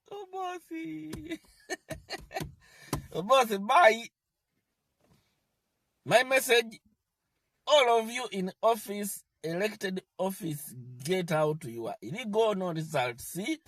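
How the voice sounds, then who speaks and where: A man's voice: sits high, big pitch swings, unhurried, breathy edge, dry recording. A man ranting about politics, scolding and mocking his targets in a defiant tone. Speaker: political commentator. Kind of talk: animated political rant.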